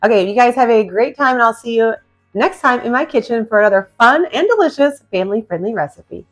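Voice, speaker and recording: A woman's voice: fairly high pitch, expressive, brisk. Cooking host, female, upbeat and chatty, speaks to her viewers at home, faint music underneath. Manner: chatty, enthusiastic, addresses viewers as guys. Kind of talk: casual cooking demonstration. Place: home kitchen.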